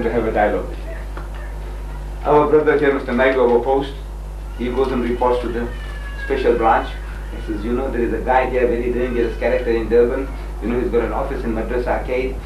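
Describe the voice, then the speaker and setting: An older man debating a missionary with an animated, emphatic delivery, acting out quotes in different voices. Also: mid-range voice. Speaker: Muslim debater. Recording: roomy, distant mic, faint noise.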